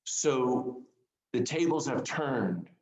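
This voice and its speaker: A man's voice: mid-range voice, lively intonation, extremely slow, darkish tone, echoey room, low-quality recording. A man giving an informal sermon to a small group, earnest and conversational, putting direct questions to his listeners. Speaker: speaker of a Lenten series.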